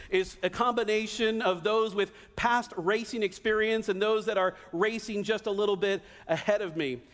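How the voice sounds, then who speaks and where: A man preaching a sermon with a notably high voice, animated and vivid, sometimes acting out cheering voices. The sound carries a long church-hall reverb. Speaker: pastor.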